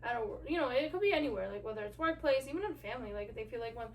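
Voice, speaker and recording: A woman co-hosting a podcast in casual chat, chatty and quick to laugh. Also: on the high side, animated, far from the mic. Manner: laughs often, backchannels, chatty. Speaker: podcast co-host.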